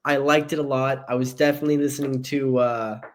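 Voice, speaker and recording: A man co-hosting a casual movie podcast, bantering playfully with boastful jokes and quick asides. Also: medium pitch, little pitch movement, a little hiss or hum. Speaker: podcast co-host.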